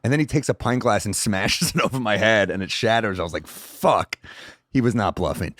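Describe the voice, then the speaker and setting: A man's voice: fairly low pitch, a bit bright, no room sound. A man in his thirties, a comedian guest on a podcast, joking in a casual chat. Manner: rapid, dry, joking delivery.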